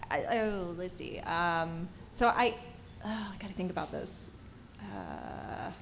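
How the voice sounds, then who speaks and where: A woman's voice: fairly low pitch, a little hiss or hum. A woman on a film panel, hesitant at first, telling a casual story about working as a producer's assistant. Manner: hesitant, thinking aloud.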